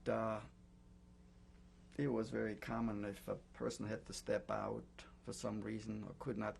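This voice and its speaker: An older man gives testimony in a slow, heavily gravelly voice that sits a little low. He talks haltingly, with many pauses and fillers. A faint hum runs under the recording. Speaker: Holocaust survivor giving testimony. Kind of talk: oral history testimony.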